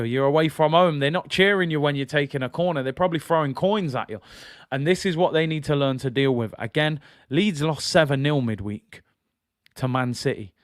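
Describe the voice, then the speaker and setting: A man's voice: mid-range voice, no echo, studio quality. A man hosting a football channel, giving casual fan commentary in a chatty, incredulous way and often apologizing.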